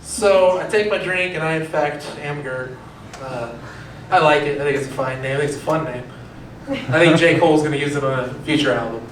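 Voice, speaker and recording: A man's voice: a little high, a little fast, fairly bright tone, a little hiss or hum. A young man performing a self-deprecating stand-up comedy set, chatting with and quizzing the crowd, recorded in a comedy club with audience laughter behind him. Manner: conversational, self-deprecating, asks the crowd questions. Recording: echoey club heard from a distance, crowd laughing.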